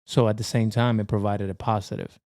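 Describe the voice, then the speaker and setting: A man's voice: on the low side, flat delivery, a little fast, darkish tone, dry recording, clean studio sound. A young man co-hosting a podcast in casual, slangy chat, laughing often. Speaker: podcast co-host.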